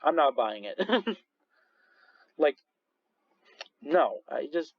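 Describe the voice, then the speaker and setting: A man's voice: on the high side, very animated, very slow, creaky, slightly rough, dry recording, phone-quality sound. A man reviewing movies in casual chat, rambling with many restarts and frequent laughs. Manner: rambling, full of restarts and fillers, laughs often.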